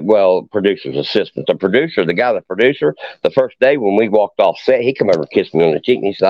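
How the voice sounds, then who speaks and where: A man's voice: lowish voice, expressive, quick pace, few pauses, no echo. A middle-aged man, a podcast guest telling a long story in a boastful, profane hillbilly way. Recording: dull lo-fi podcast audio.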